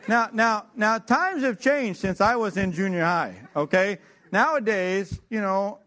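A man telling a personal story, acting out the people in it and laughing as he goes. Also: high-pitched. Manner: animated storyteller, acts out voices, laughs along. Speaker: preacher.

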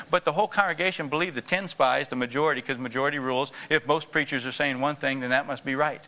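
A man's voice: medium pitch, fairly even intonation, fast talker, few pauses, sharp tone. A man preaching a sermon with emphatic repetition, often asking the congregation to answer back.

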